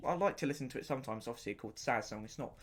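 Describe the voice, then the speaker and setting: Here the podcast host sounds lively and rapid-fire, his medium-pitched voice a bit bright. Reviewing an album off the cuff, he rambles excitedly, repeats himself and breaks off to search for words.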